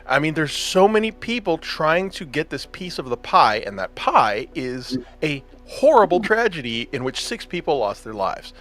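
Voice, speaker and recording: Animated man hosting a casual podcast. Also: fairly high pitch, moderate pace, few pauses, faint music behind. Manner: animated, laughs often, enthusiastic. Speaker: podcast host. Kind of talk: casual chat.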